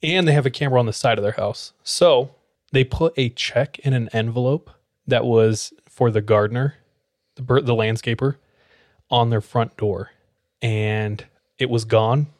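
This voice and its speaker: A man in casual conversation, telling a story with plenty of animation. He acts out the people in it as he goes. His voice sits at a middling pitch, recorded close in a dry room. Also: fairly even intonation, normal speed, no room sound.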